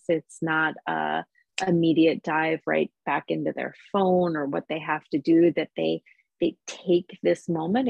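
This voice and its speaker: Gravelly husky woman, reflective talk. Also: sits low, no echo, highs cut off. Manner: warm reflective speech with frequent laughs and fillers. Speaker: Reiki practitioner guest. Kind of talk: casual podcast conversation.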